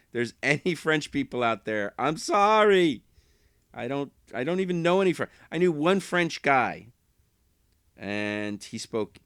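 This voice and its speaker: A man chats casually to camera, wandering off track and correcting himself mid-sentence. His voice is smooth and clear, at an ordinary pitch. It is recorded dry and close, with no room echo. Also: a bit bright. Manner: chatty, rambling, self-correcting, chuckles. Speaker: eBay reseller vlogger.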